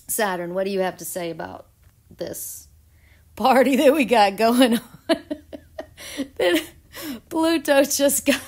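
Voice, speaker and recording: A woman's voice: a little high, lively intonation, takes it slowly, pauses often. A woman vlogging a casual astrology and tarot reading, giggly and dramatic.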